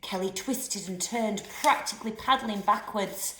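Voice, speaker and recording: A woman teacher reading a children's novel aloud with expressive storytelling. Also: mid-range voice, unhurried. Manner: expressive storytelling with lively voices. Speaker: primary school teacher. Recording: roomy echoey room.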